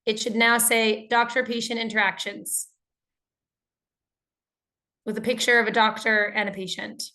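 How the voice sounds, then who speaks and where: An American woman teaching an online English class, speaking in a friendly, energetic way and talking with her students through the chat. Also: fairly high pitch, moderate pace.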